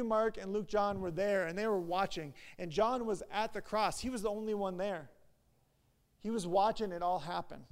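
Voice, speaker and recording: A man who is a pastor, giving a casual, conversational sermon with frequent asides and self-corrections. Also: sits high.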